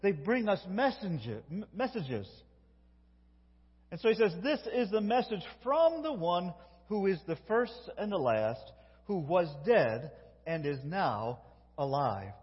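A middle-aged male pastor preaches in a folksy, homespun way, telling jokes and often restarting his sentences. His voice sits a little high and is somewhat husky. The recording is dull and lo-fi, with a long reverb from a large church. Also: very animated, unhurried. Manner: folksy, self-interrupting, tells jokes. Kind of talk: sermon.

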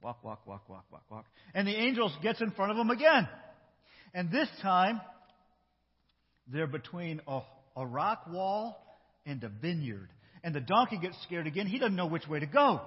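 A man acting out a Bible story with children in a church, animated and coaching his young helpers. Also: high-pitched, normal speed, slightly rough. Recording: echoey hall, dull lo-fi sound.

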